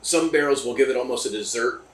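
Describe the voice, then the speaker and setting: A man's voice: medium pitch, fast talker. A man hosting a casual chat, chatty, jokey and enthusiastic, recorded at a distillery. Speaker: podcast host. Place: distillery room. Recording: roomy, distant mic.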